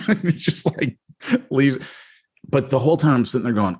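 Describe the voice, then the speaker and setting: Guy on a podcast telling a story, lively, acts out what people said, mid pitch. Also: moderate pace. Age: adult with a ten-year-old son. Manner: animated, retells with quoted asides. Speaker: podcast co-host. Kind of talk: casual storytelling chat.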